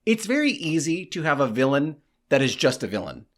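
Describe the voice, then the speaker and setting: A man's voice: a little high, big pitch swings, a little fast. A man co-hosting a movie review, talking enthusiastically and emphatically in a casual chat.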